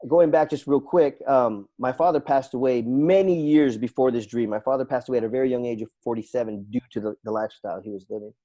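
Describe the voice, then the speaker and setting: A man's voice: mid-range voice, fast, hardly any pauses, dark tone. A man, a podcast guest and coach, telling a personal story in an earnest, reflective way and repeating phrases for emphasis.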